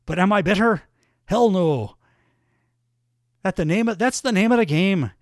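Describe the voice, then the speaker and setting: A man performs a boastful Irish male wrestler, hollering trash talk in a put-on Irish accent. The voice sits high and bone-dry, close to the mic, full of swagger. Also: lively intonation, moderate pace, dry recording.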